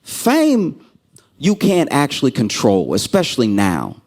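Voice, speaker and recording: Animated stand-up comedian man. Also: normal speed. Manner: animated storytelling, acts out quoted people with sudden pitch jumps.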